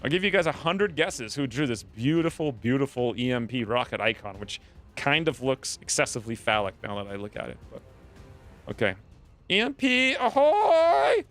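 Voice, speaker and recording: A man's voice: medium pitch, a little fast, a bit bright, faint music behind. A man giving casual live commentary on a strategy game, chatty and thinking aloud, often laughing. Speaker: game streamer.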